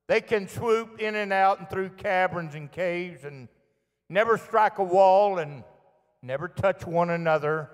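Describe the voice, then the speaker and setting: A pastor delivers a sermon at an unhurried pace, his voice sitting a little high for a man. He tells stories and acts out the calls and quoted lines. His words ring out with the long reverb of a church sanctuary. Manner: storytelling, acts out shouted echoes and quoted voices.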